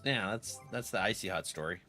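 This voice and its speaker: Still recovering from a cold, this streamer talks over faint music in a fairly low, brisk voice that sounds pushed and bright. He plays a game, chats casually, laughs a lot and acts out what his friends say.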